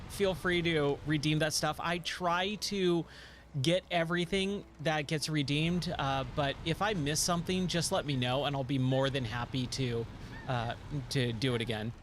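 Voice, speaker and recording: A man's voice: a little high, a bit bright. A man streaming a video game, chatting casually with his viewers in a laid-back way and laughing often. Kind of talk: casual live-stream chat.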